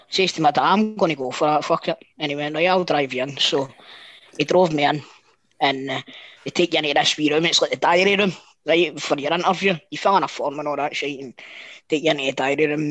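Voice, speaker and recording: A middle-aged Scottish man with a fairly high voice tells a rambling anecdote, full of swearing and false starts. The sound is close and dry, with no room around it. He keeps the tale going with lively energy. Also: no room sound, poor audio. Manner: animated, sweary, restarts often. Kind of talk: casual storytelling chat.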